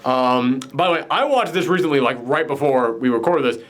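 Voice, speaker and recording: A man hosting a casual movie review chat, retelling the plot in an animated way with lots of "like" fillers. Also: mid-range voice, fairly quick. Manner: animated storytelling, frequent "like" fillers. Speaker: podcast host.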